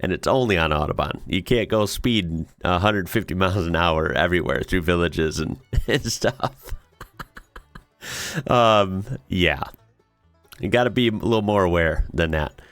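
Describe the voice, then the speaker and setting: A deep-voiced man riffs casually through comments on a reaction video, laughing often and sounding amused and incredulous. His voice is dry and close, with faint music in the background. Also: normal speed, fairly bright tone, no room sound. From United States.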